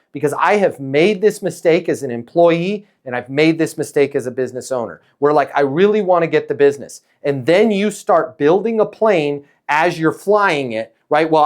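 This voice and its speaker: A man coaching a salesperson with emphatic, energetic talk, acting out little dialogues as he goes. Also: a little high. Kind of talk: coaching a caller in a sales session.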